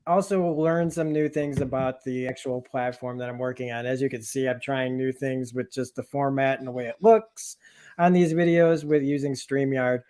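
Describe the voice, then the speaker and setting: A man hosts a livestream chat in a loose, rambling way. He pokes fun at himself as he goes, and his voice sits at an ordinary middle pitch. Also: normal speed. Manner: relaxed, rambling and self-deprecating. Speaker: livestream host. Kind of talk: casual chat.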